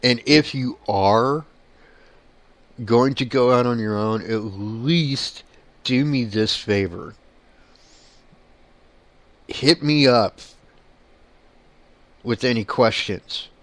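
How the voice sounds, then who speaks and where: A man's voice: medium pitch, extremely slow, pauses often, fairly bright tone, no room sound. A man who is a paranormal investigator, talking bluntly in a casual monologue and swearing casually.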